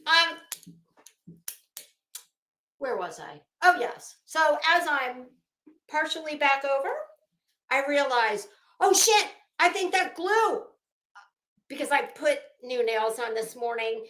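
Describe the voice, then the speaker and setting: A woman's voice: sits high, lively intonation, takes it slowly, long pauses, a bit bright, reverberant. A woman hosting a fashion gossip commentary show at home, telling a rambling, profane, self-mocking story while hot and sweaty. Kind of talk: casual chatty commentary.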